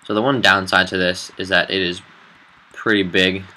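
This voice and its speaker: A man who admins a game server, walking through a build in a casual tutorial, relaxed and halting with fillers. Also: low-pitched, rough recording.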